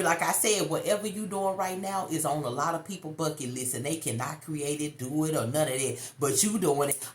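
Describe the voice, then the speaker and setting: A woman doing a casual tarot reading for viewers, slangy and emphatic, calling the listener baby. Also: sits low. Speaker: tarot card reader. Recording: echoey room, faint noise.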